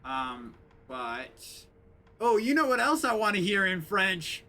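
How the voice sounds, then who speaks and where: Bright-voiced joking game streamer man. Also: sits high, very animated, takes it slowly. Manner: chatty, joking, mock French asides. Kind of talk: casual live-stream commentary.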